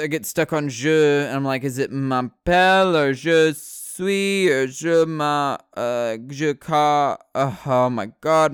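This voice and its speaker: A man with a fairly high, smooth voice rambles casually and swears freely. He keeps stopping to correct himself. The sound is dry and close. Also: slow pace, few pauses, no room sound. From United States. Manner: rambling, profane, self-correcting.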